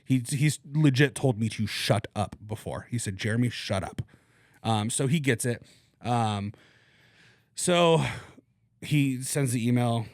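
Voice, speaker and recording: Crass animated man telling a story. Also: medium pitch, a little slow, no echo, clean studio sound. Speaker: podcast co-host. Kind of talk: casual podcast chat.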